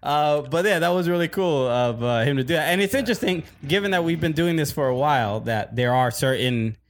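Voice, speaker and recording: A man's voice: fairly high pitch, lively intonation, brisk, slight background noise. A man co-hosting a soccer podcast in casual chat, a stand-up comic who laughs often and restarts his sentences with nervous repeats. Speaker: podcast co-host.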